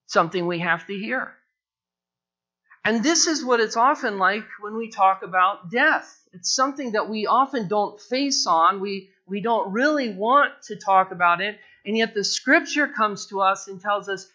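A male preacher with a bright, forceful voice delivers an expository sermon. He repeats key phrases, drags words out slowly and lifts his pitch when he presses a point. The recording sounds a little dull and lo-fi. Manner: repeats phrases, slows down and rises in pitch for emphasis.

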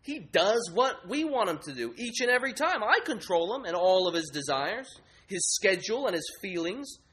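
A man's voice: high voice, sing-song, normal speed, a bit bright, pitched above the performer's own voice. A man preaching voices a controlling people idol that boasts of ruling him. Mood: domineering. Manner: domineering, boastful.

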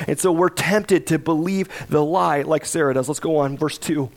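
Conversational male pastor, fairly high voice. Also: normal speed, hardly any pauses. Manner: conversational preaching, voices imagined cries in a raised pleading tone. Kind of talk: sermon.

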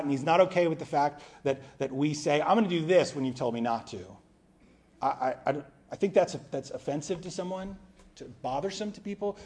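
A man delivering a sermon in an informal, conversational voice that sits a bit high for a man. He sometimes drops quiet and low to stress a point. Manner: conversational preaching, acts out quoted voices. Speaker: pastor.

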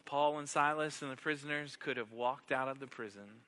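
A man's voice: medium pitch, normal speed, bright, forceful tone, in a large hall. A man preaching a sermon as pastor, telling a parable dramatically and building to emphatic questions.

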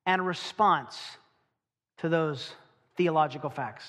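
A man preaching a sermon. He is emphatic, asks rhetorical questions, and slows down to stress key phrases. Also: fairly high pitch, lively intonation, bright, forceful tone, in a large hall.

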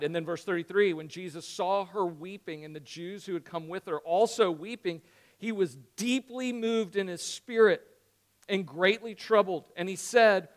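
A male pastor with a high voice delivers a lively sermon. He acts out the dialogue of the story and drops to quiet, hushed tones to drive his points home. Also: measured pace.

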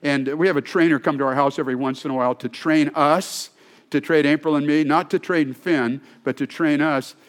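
A man's voice: fairly high pitch, steady tone, a little fast. A male pastor preaching a sermon in a conversational, storytelling way, often restarting his sentences.

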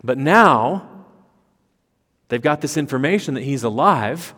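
A male pastor delivers an expository sermon in a mid-pitched voice. He talks emphatically, stacking rhetorical questions and doubling words. The sound carries the long reverb of a large church hall. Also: animated, measured pace, bright, forceful tone.

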